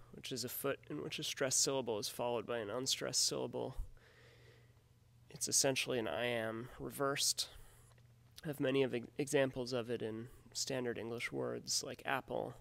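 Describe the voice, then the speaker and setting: A man teaching a class, explaining things in a measured, scripted way. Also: mid-range voice, fairly even intonation, creaky, fairly bright tone, no echo. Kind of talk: scripted lesson narration.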